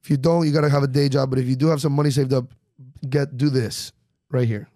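A man's voice: mid-range voice, quick pace, dry recording. A man in his twenties, a comedian guest, chatting on a studio podcast and acting out other voices as he tells stories. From Miami, Florida. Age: 20s. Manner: animated storyteller, acts out voices. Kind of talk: casual podcast chat. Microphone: studio microphone.

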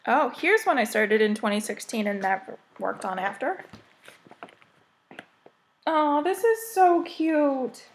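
A woman's voice: sits high, lively intonation, slow, long pauses. An American woman chatting casually as she shows her cross-stitch projects, rambling and gushing over them. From United States. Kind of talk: casual show-and-tell chat.

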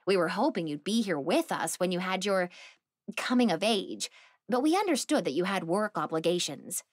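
A woman voicing a calm older aunt who is a witch, soothing and fond of endearments. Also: on the low side, moderate pace, dry recording, studio quality.

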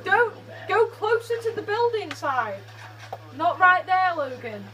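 Very high, slow-talking woman gaming. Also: poor audio. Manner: directs her teammate, shouts excitedly. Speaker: gamer. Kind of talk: co-op gameplay banter.

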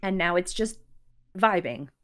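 A woman voicing a calm young woman adventurer who hears a voice in her head, talking in a soft, unbothered, reassuring way during tabletop role-play. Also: lowish voice, a little slow, pitched below the performer's own voice. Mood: wry.

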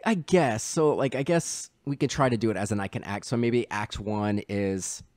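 A man's voice: lowish voice, normal speed, a little mellow, no echo. A man co-hosting a podcast, talking loosely about a film with lots of fillers. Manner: rambling, many fillers, mimics characters in voices. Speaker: podcast co-host. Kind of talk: casual film review chat.

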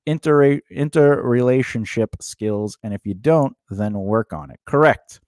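A man's voice: medium pitch, measured pace, dry recording, clean studio sound. A man co-hosting a casual talk show, giving career advice and acting out quoted lines in different voices. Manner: animated, acts out quoted lines in changed voices. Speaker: podcast co-host.

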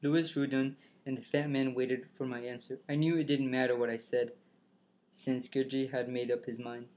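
A man's voice: medium pitch, flat delivery, normal speed, a little mellow. A man reads a novel aloud in the first person with a mid-range voice. He stumbles, restarts words and rereads lines, breaking off now and then to comment on the passage. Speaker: reader.

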